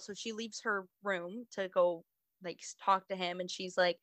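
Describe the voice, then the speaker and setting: A woman's voice: medium pitch, steady tone, normal speed, fairly bright tone, no echo, poor audio. Chatty young woman telling a story. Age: young adult. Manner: chatty storytelling, acts out lines with fillers like "like". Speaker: university student, co-host. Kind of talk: casual chat.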